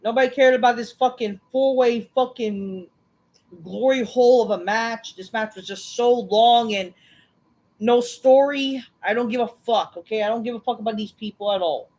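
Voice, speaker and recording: A woman's voice: on the high side, moderate pace, darkish tone, poor audio. Profane, sarcastic woman ranting a recap. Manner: sarcastic, dismissive, heavy swearing. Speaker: wrestling show reviewer, channel host.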